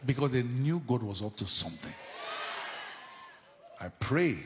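A man preaching a sermon with fervor, swinging between sudden shouts and hushed asides. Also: mid-range voice, expressive, unhurried, long reverb tail, crowd noise, noisy background. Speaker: pastor. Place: church.

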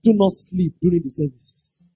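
A pastor preaching a sermon, emphatic, repeating lines and breaking into shouted exclamations. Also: medium pitch, moderate pace, no echo. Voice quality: very husky. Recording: dull lo-fi dry recording.

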